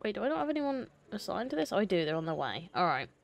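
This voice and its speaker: A woman's voice: medium pitch, sing-song, fast talker, gravelly, faint music behind. A young woman streaming a game, chatting to herself and to the characters on screen. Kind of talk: casual gameplay commentary.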